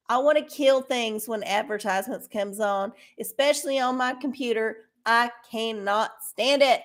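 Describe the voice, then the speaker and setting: A woman's voice: on the high side, animated, a little slow. A woman hosting a livestream, chatting casually to her viewers in a profane, ranting way. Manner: talks to viewers directly. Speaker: livestream host.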